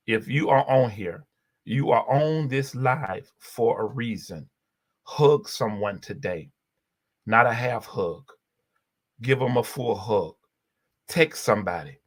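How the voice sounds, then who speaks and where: A man's voice: mid-range voice, fairly bright tone. A man hosting a live stream, giving a heartfelt inspirational talk with a preacher-like repetitive cadence and open emotion, speaking into a phone. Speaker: livestream host.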